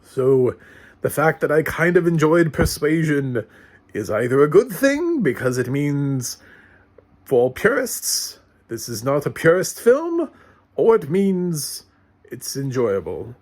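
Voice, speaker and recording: A male film critic talks through a review at an unhurried pace, his voice sitting a little high. He is dry and sarcastic, with plenty of ums and restarts as he gathers his thoughts. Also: big pitch swings. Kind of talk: casual spoken movie review.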